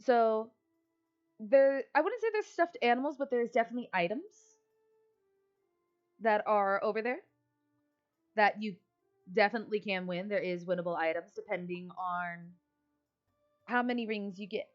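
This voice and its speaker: A woman's voice: mid-range voice, normal speed, long pauses, faint music behind. Casual woman game master, lo-fi audio. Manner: casual, hesitant, many fillers. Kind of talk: narrating a tabletop game.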